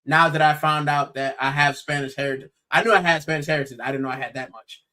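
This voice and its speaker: On a football podcast, a young male co-host from the United States talks quickly in a voice on the high side, with faint music behind him. The chat is casual and animated, full of exclamations and frequent bros.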